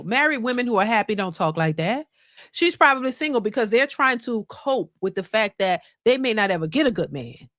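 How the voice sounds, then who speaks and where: A woman's voice: on the high side, fairly bright tone, no echo. Emphatic woman reaction host, dry sound. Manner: emphatic, repetitive, rhetorical questions. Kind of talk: opinionated commentary.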